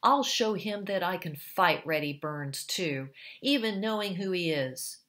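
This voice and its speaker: A woman's voice: on the low side, lively intonation, a little slow, fairly bright tone. A woman voicing a proud young male reporter who talks stiffly and formally.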